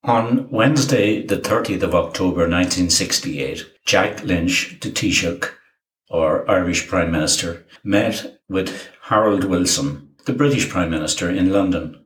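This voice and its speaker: A man with a low, deep voice delivers scripted documentary narration. He reads names and dates in a measured, even way. The recording carries a noticeable roomy echo.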